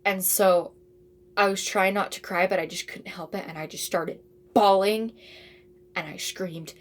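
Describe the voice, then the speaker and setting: A woman's voice: mid-range voice, fairly even intonation, a little slow. A teenage girl telling a casual storytime, rambling and chatty with lots of asides and fillers. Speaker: vlogger.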